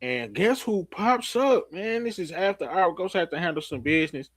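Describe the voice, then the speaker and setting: A man hosting a casual live-stream show chat, recapping a TV episode in an animated storytelling way. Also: sits high, moderate pace, no room sound, studio quality. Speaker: host.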